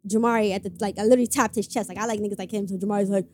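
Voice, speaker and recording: A woman's voice: medium pitch, steady tone, very fast, mellow. A young woman telling a story in a casual podcast conversation, acting out quoted dialogue and swearing freely. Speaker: guest telling how she met her partner.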